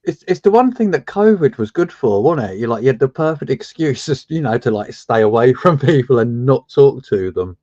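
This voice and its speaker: British bloke on a voice call, dry wry humour, muffled lo-fi mic, no room sound. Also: male voice, mid-range voice, moderate pace, few pauses, no room sound. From Britain. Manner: wry, relaxed, stammers on starts. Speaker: panel guest. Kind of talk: casual banter. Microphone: online voice chat. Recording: slightly dull lo-fi voice-chat mic.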